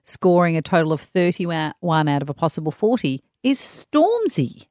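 Low-voiced, chatty woman co-host. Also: big pitch swings, moderate pace, darkish tone, no echo, studio quality. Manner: chatty, amused, often laughing. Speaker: podcast co-host. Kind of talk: casual banter, presenting a list.

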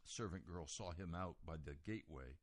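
A man preaching a sermon, retelling a scripture story and moving from quiet reading to loud, raised emphasis. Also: deep voice, normal speed, dry recording.

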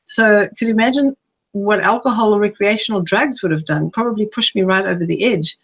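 A middle-aged woman presenting live to a webinar audience. She talks in a chatty, personal way, and now and then reels off long quick lists. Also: mid-range voice, fairly bright tone, husky, muffled recording. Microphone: streaming live.

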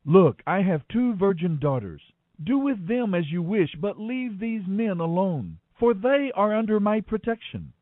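A man's voice: sits high, big pitch swings, unhurried, no room sound, narrow, tinny audio, voice pushed up. Man voicing Lot, a pleading old man. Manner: begging, urgent.

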